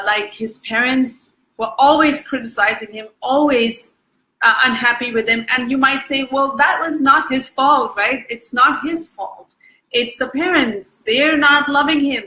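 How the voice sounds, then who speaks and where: A woman's voice: sits high, sharp tone, echoey room, poor audio. A woman coach giving an earnest motivational talk to viewers, repeating words for emphasis and using many fillers. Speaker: EFT coach.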